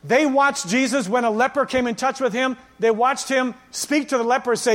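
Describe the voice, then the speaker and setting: Pastor guy preaching, high voice, acts out the stories, big echoey church hall. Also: normal speed. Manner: animated storytelling, acting out quoted lines. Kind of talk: sermon. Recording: long reverb of a church hall.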